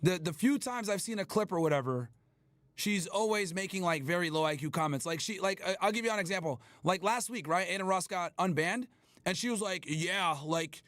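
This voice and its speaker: A man hosting a livestream, ranting at his chat in a loud, profane, emphatic way. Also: sits high, lively intonation, a little fast, dry recording. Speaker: livestream host. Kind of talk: casual livestream rant.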